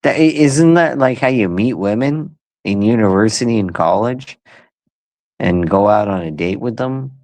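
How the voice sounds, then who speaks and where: A man's voice: lowish voice, animated, moderate pace, a little mellow, no echo. A middle-aged man talking casually, rambling and hesitant with lots of fillers. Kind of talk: casual conversation.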